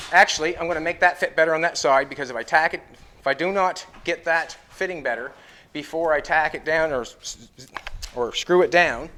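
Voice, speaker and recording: A man's voice: on the high side, pushed and bright, slight background noise. A middle-aged man building a car in his garage, rambling and thinking aloud to the camera as he fits and tacks metal. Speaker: car builder and show host. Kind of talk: casual shop talk while working. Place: garage workshop.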